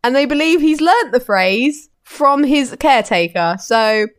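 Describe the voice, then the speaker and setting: A woman with a slightly high voice chats on a podcast, playful and quick to giggle. The sound is dry and close, with no room around her. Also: animated, no echo. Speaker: podcast co-host. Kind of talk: casual podcast chat.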